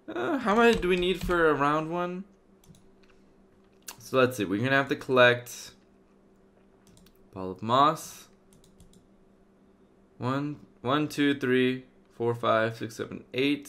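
A man hosting a game video in casual let's-play commentary, thinking aloud with many fillers, going from loud upbeat asides to quiet muttering. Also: mid-range voice. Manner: loud upbeat openings, then muttering to himself while searching. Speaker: gaming video host.

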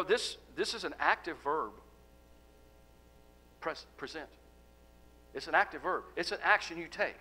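Bright-voiced male pastor preaching. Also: high voice, rough recording. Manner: emphatic, rhetorical questions, drops to soft endings. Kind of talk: sermon.

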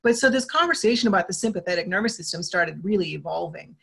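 A woman's voice: lowish voice, fast, gravelly, husky. A woman, a talkative guest in a casual interview who acts out the conversations she retells. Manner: animated, talkative, acts out quoted exchanges.

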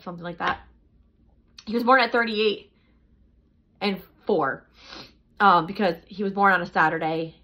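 A woman's voice: medium pitch, pushed and bright, poor audio. A young woman chatting through a casual vlog update, rambling and repeating herself, a little out of breath. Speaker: vlogger.

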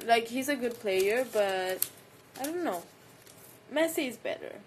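Young Mexican-accented woman, high voice, slow unhurried delivery, giggly livestream chat on a phone. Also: lively intonation, a little hiss or hum, poor audio. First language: Spanish. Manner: giggly, laughs often. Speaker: livestreamer answering fans. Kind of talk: casual chat reading comments.

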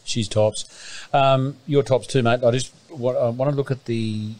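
A man's voice: mid-range voice, steady tone, a little slow, a little mellow, low-quality recording. A man hosting a casual interview, jokey and matey. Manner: matey, jokey, says "mate" often. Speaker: interview host.

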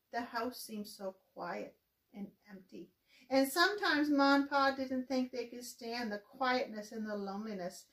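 A woman telling a children's church story in a gentle, expressive way. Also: medium pitch, reverberant, low-quality recording.

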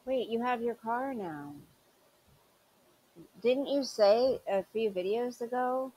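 A woman's voice: on the high side, lively intonation, slow pace, darkish tone, rough recording. A woman hosting a commentary show, sarcastic and scolding as she mocks the clips she reacts to. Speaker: commentary channel host.

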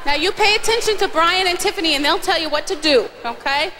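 On stage at a live church concert in a large auditorium, a woman singer with a very high voice cheerfully coaxes children through song actions over a stage microphone, speaking at a quick pace. A long hall reverb and faint audience noise color the recording.

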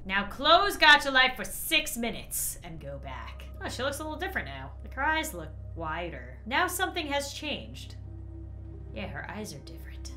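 A woman commenting excitedly on a game as a vlogger, gasping and laughing as it gets scary. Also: mid-range voice, normal speed, soft background music. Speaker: gaming vlogger.

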